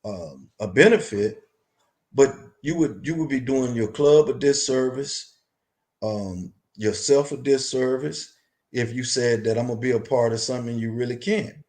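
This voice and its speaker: A man, a longtime club member, speaking as a guest in a casual interview, measured and halting with frequent restarts. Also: mid-range voice, a little mellow.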